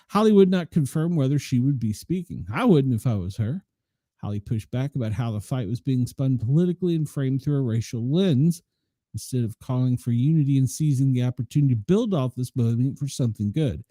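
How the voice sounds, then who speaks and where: A man's voice: medium pitch, dark tone, no room sound, clean studio sound. A man hosting a news show, reading stories aloud and breaking in with blunt, opinionated asides. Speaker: news commentary host.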